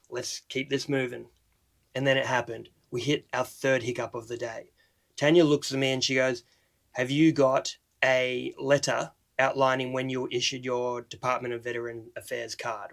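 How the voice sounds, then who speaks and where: Young Aussie vlogger, gravelly, mid-pitched, animated storyteller, faint music bed. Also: male voice. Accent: Australian. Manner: animated, retells dialogue in quotes. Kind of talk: casual storytelling vlog.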